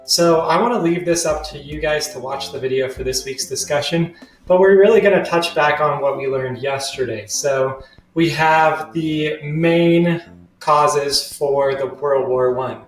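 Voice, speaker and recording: A young male teacher talks through a lesson in a relaxed, slangy way, his voice a little higher than most men's. He sits back from the mic in a roomy space, with faint guitar music underneath. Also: unhurried, distant mic. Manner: laid-back, slangy, chatty. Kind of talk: casual recorded history lesson. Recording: roomy sound from away from the mic.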